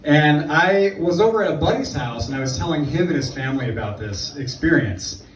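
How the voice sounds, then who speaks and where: A man's voice: on the high side, animated, brisk, a little hiss or hum. A man performing a stand-up comedy set, telling rambling, sarcastic stories with asides on a comedy club stage. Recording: echoey club room from far off. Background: audience laughter.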